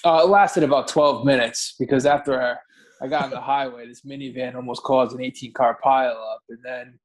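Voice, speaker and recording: A man's voice: mid-range voice, fairly even intonation, fairly quick. A man co-hosting a podcast, telling rambling, profane stories in casual chat and often correcting himself. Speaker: podcast co-host.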